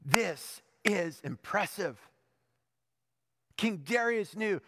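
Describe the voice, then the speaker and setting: In a church sanctuary, a male pastor preaches a sermon, telling the story conversationally and building to emphatic peaks. His voice sits high and animated, fairly bright, at a normal speed. The recording carries the long reverb of a church hall.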